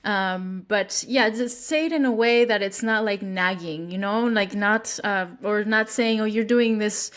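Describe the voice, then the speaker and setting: A woman's voice: measured pace, few pauses, fairly bright tone, smooth. A woman hosting a podcast, talking casually with many restarts and acting out example lines. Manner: rambling, many restarts and fillers; acts out quoted lines with lifted pitch. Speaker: podcast host. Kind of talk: casual chat.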